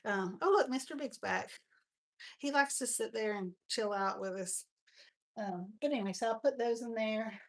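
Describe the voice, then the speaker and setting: A woman's voice: on the high side, normal speed. A woman with a Texan accent hosting a live crafting stream, chatting and rambling through stories as she shows her supplies. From Texas. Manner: chatty, rambling storyteller, says y'all. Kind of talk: casual crafting chat.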